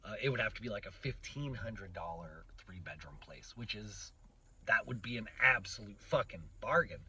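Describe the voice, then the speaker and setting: Husky-voiced man rambling in a vlog. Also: fairly low pitch, lively intonation, pushed and bright, rough recording. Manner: halting, emotional, many restarts and fillers. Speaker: vlogger.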